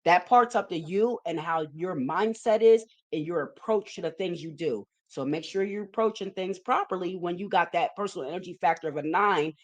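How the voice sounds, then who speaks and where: A woman's voice: lowish voice, moderate pace, hardly any pauses. Woman, numerology host, emphatic, repetitive, checks in with listeners, direct-to-camera forecast. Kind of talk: video forecast talk with slides.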